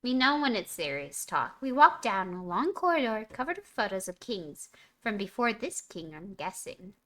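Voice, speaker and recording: A woman streamer reading a bedtime story aloud, telling it gently and giving the characters small voices of their own. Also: mid-range voice, big pitch swings, normal speed. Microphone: streaming mic.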